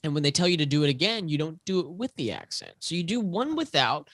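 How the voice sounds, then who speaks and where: A man, an actor, chatting as a podcast guest, telling stories in a relaxed way with self-deprecating jokes. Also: a little high, quick pace, dry recording. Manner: laid-back storytelling with self-deprecating jokes. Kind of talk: casual chat.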